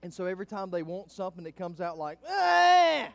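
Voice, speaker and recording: A middle-aged male pastor preaching a sermon in a church, swinging from hushed, low passages up to loud, fervent climaxes. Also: level tone, quick pace, dry recording.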